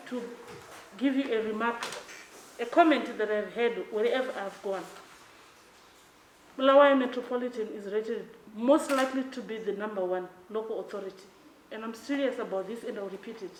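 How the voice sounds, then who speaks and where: A woman from Zimbabwe, a development bank official giving a measured, emphatic formal speech. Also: a little high, slight background noise. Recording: echoey hall with faint ambience.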